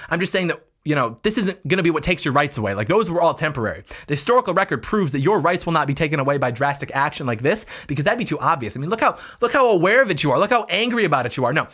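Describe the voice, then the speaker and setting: A man's voice: a little high, a bit bright. A man hosting his own political commentary channel, talking combatively with mocking asides.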